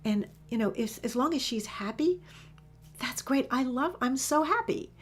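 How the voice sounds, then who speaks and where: A woman's voice: high-pitched, expressive, normal speed, soft background music, pitched above the performer's own voice. A woman voicing a gushing, devoted rescue dog. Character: cheerful, devoted male rescue dog, loving caretaker.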